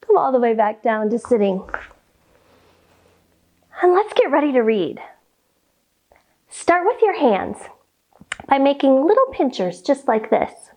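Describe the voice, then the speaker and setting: Woman kids'-yoga teacher, high and very lively, slow and sing-song, playful with animal sounds. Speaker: children's yoga instructor. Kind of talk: kids' yoga and story warm-up lesson.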